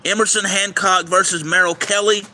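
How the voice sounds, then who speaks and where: Recorded outside close to a railway, this livestream host reads through a baseball schedule and his picks as a steady list, occasionally tripping over names. His voice sits high and he keeps a moderate pace. Faint traffic and trains can be heard in the background, and the tone is casual commentary.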